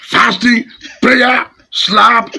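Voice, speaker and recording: A Nigerian pastor preaching in a fiery, scolding, dramatic way, mixing Pidgin and English. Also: male voice, very high voice, level tone, drawn-out words, gravelly, pushed and bright, slight background noise.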